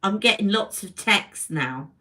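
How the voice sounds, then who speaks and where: In a poor-quality recording from her livestream camera mic, a British woman chats and rambles while greeting viewers on a home makeup stream. Her mid-range voice is bright and forceful, with lively intonation and a measured pace.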